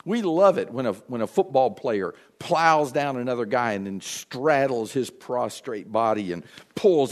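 A man preaching a sermon, acting out the voices of the people he quotes. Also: medium pitch. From United States. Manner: animated, acts out quoted voices. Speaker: pastor.

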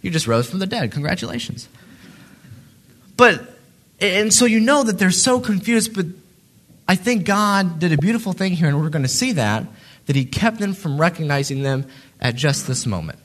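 A man teaching a Bible passage in a relaxed, conversational way, with many fillers and restarts, acting out what people say. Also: high voice, moderate pace.

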